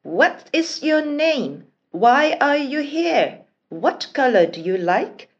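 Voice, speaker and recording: Woman doing a loud, cheerful boy prince. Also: high-pitched, slow pace, dull audio, voice pushed up, heavily acted. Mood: excited. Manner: loud, excited, bouncy.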